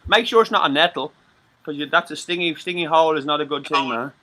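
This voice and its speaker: A man's voice: a little high, fast talker, sharp tone. An Irish man from Ireland chatting on a live-stream talk show, rambling and swearing, with many stammered restarts. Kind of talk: casual live-stream chat.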